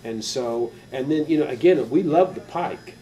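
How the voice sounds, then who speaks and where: An older man, a tattoo artist, telling stories in a casual interview, rambling and animated and swearing casually, heard on a slightly distant mic. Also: medium pitch, moderate pace.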